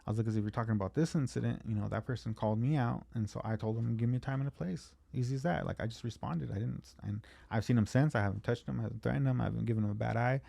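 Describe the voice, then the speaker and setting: Fast-talking gravelly man telling stories. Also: mid-range voice, warm tone, no echo. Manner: rambling, profane storytelling, acting out quotes. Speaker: comedian. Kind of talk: casual storytelling on a podcast.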